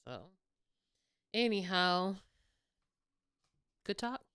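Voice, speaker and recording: A young woman co-hosting a podcast in casual chat, animated and laughing often. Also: mid-range voice, very slow, clear, resonant tone, no echo, clean studio sound. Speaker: podcast co-host.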